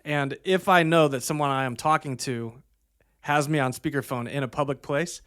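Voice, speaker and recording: A man's voice: fairly high pitch, fairly even intonation, normal speed, fairly bright tone, clean tone. A young man co-hosting a podcast, telling stories in a rambling way with lots of hesitant fillers. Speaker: podcast co-host. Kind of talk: casual chat.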